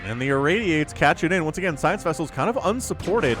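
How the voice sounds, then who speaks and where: Male esports caster, lively swooping delivery, jokey play-by-play, music bed under voice. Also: a little high, fairly quick. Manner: excitable, jokey, animated play-by-play. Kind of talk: solo game commentary.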